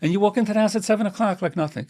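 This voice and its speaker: A man's voice: high-pitched, unhurried, warm tone, dry recording, clean studio sound, pitched above the performer's own voice. A man playing a frazzled wife who accuses her husband of coming home late. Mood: accusing. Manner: accusing, rising complaint.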